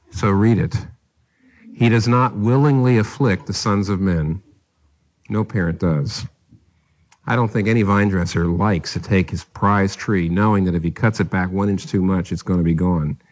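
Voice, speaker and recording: A middle-aged male pastor delivering a sermon, pressing home his points with emphatic rhetorical questions. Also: lowish voice.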